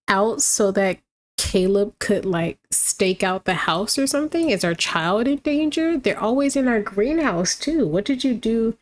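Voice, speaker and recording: A woman casually commenting on her gameplay, chatty and lively, talking to the game characters as she goes. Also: mid-range voice. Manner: chatty, reacts aloud, talks to the game characters.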